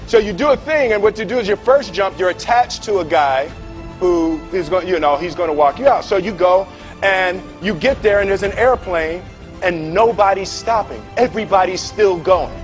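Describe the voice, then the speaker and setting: A man telling a story to a live audience, animated, acting out voices and laughing often. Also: high voice, normal speed, faint music behind. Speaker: speaker. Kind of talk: storytelling talk.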